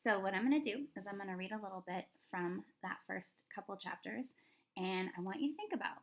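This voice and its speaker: A woman teacher leads a reading lesson for young children. She thinks aloud in a chatty, friendly way and keeps asking the class questions. Her voice sits at an average pitch. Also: expressive, fairly quick, creaky. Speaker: elementary school teacher. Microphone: recorded lesson video.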